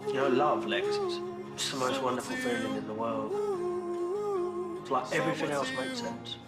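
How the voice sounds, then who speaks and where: A battered working-class dad speaks with tender, earnest emotion. His pitch swings widely as feeling rises. A loud music bed plays under the dialogue. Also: huge pitch swings, moderate pace. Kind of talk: British soap drama.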